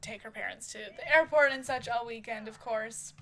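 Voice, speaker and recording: A woman's voice: fairly high pitch, normal speed, slight background noise. A woman casually narrating a life-sim soap opera as she plays, describing each action with many fillers.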